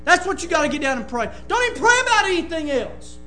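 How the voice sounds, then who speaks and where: Impassioned preacher, high bright voice. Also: male voice, very animated, quick pace, echoey room, soft background music. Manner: impassioned, often shouting. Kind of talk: sermon.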